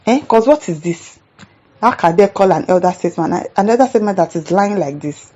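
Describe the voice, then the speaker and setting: Indignant Nigerian woman ranting, mellow voice. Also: medium pitch, animated, a little fast. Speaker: commentary show host. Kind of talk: reading out and reacting to viewer comments.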